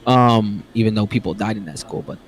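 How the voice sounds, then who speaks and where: A young man from the Bronx casually telling a long story on a podcast, slangy, animated and acting out the voices of other people. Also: lowish voice, brisk. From the Bronx, New York. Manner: animated, slangy, acts out quoted voices loudly.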